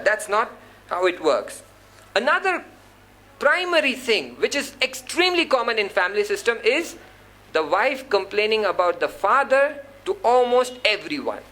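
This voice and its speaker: A man's voice: sits high, bright, forceful tone, low-quality recording. A man preaching a sermon to a gathering, earnest and admonishing. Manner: earnest, admonishing, acts out quoted people. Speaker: Islamic preacher. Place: gathering hall.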